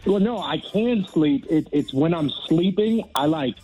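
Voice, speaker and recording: A man calling in to a radio show, sore after surgery, his voice sitting fairly high. He tells stories casually and pokes fun at himself. Faint music plays underneath. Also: lively intonation, unhurried, dark tone, low-quality recording. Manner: storytelling, quoting others, self-deprecating. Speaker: co-host recovering from surgery, on the phone.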